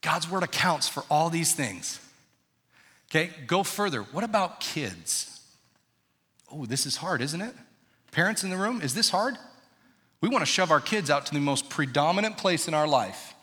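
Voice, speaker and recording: A man's voice: fairly high pitch, big pitch swings, normal speed, pauses often, pushed and bright. A man in his thirties preaching a sermon as pastor, talking conversationally and quizzing the congregation in a large church auditorium. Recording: reverberant church hall.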